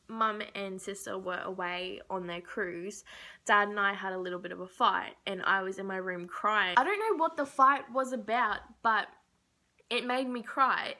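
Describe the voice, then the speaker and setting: Tearful and emotional, this young vlogger shares something personal in a bright, forceful, mid-range voice. At times it cracks down to a whisper.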